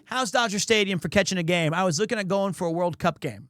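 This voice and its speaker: A young man with a high voice and a fairly bright tone talks quickly over a clean studio recording with no room sound. He's streaming live, chatting with viewers while telling a rambling story full of restarts.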